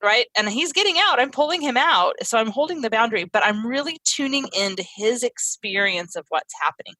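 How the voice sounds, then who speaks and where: A woman's voice: on the high side, lively intonation, fairly quick, bright, forceful tone, no room sound, low-quality recording. A woman speaking as a parenting educator in an interview, earnest and explaining her ideas through family stories. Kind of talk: conversational teaching in an interview.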